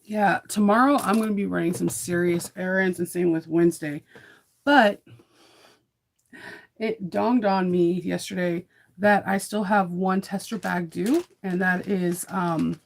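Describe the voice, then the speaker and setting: A woman's voice: lowish voice, fairly even intonation, unhurried, gravelly, slight background noise. A woman chatting casually in a morning sewing vlog, upbeat and rambling with fillers. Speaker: sewing vlogger.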